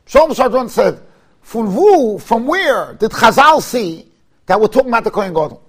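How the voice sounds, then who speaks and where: A man teaching a Torah class. He tells stories in an animated way, mixes in Hebrew and Yiddish terms, and rises to emphatic shouts. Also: extremely high pitch, normal speed, husky.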